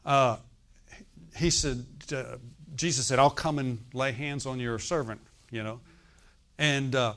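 Older man preaching, animated and dramatic. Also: a little slow. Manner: animated storytelling, acting out quoted dialogue with rising pitch and volume; drops into quiet, confiding asides. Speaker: pastor. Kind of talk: sermon. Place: church.

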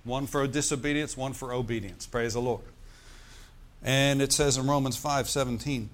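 A man preaching a sermon, slowing down to stress key words and asking the congregation "Amen?" between points. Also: medium pitch. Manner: preacher's call-and-response with "Amen?" and "Praise the Lord". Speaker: pastor.

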